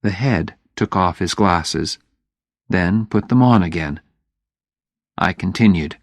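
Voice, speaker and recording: Male audiobook narrator for a graded reader; low, gravelly, very slow, dry studio sound. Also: lively intonation, dry recording. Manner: slow, deliberate reading.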